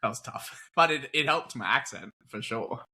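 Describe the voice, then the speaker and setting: Bright-voiced Australian man, easygoing. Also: medium pitch, lively intonation, normal speed. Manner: laughs often, easygoing, rambles. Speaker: actor, guest. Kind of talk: casual interview chat.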